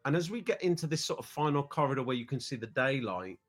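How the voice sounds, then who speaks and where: British guy on a podcast call, kinda rambly, trips over his words a bit, mid-pitched voice. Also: animated, quick pace, faint music behind. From United Kingdom. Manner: rambling, repeats words when starting sentences. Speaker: podcast guest. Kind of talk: casual storytelling.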